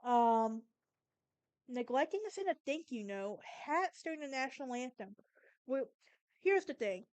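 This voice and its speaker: Sassy Southern-accented woman, high and smooth. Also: big pitch swings, a little slow, long pauses, darkish tone, no echo. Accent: Southern American. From Southern United States. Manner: sassy, emphatic, talks straight to the listener. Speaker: podcast host. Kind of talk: casual monologue.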